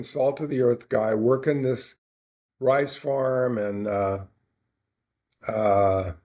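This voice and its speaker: A man's voice: mid-range voice, a little mellow. A man on a podcast telling a long personal story in a casual, rambling way, often restarting his sentences. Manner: rambling anecdote with many restarts and quoted dialogue. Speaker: podcast co-host.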